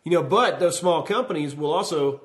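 A man's voice: fairly high pitch, lively intonation, moderate pace. A man in casual podcast chat, swearing freely and filling with "you know.". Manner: chatty, swears casually, leans on fillers. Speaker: podcast co-host.

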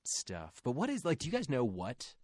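A man's voice: mid-range voice, huge pitch swings, moderate pace, darkish tone, no room sound. A man from Ohio co-hosting a podcast, chatting in a playful, wandering way with lots of fillers. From Ohio, USA. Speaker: podcast co-host. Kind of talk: casual chat.

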